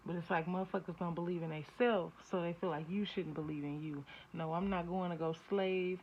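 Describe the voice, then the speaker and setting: A woman's voice: lowish voice, fairly even intonation, brisk. A woman giving a casual spiritual tarot reading, talking bluntly and profanely, and she often builds into heated rants. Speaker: spiritual reader. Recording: dull lo-fi audio, faint hiss.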